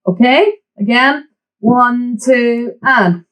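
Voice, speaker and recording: A woman teaching a flute lesson, giving tips and counting the student in with steady encouragement. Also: fairly high pitch, very slow, rough recording. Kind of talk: online music lesson.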